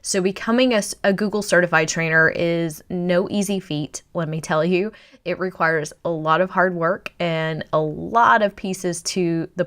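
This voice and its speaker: Woman, middle-aged, learning coach, upbeat course pitch, speaks straight to the viewer, resonant voice. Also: fairly bright tone, smooth. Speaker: digital learning coach and trainer. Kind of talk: promotional course presentation.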